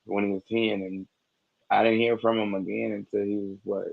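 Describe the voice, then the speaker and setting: A man calls in to a live chat and tells his story in a low-key, halting way. His voice sits on the low side and is heavy with gravelly fry. The audio is dull and lo-fi. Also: little pitch movement. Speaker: caller. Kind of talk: casual storytelling.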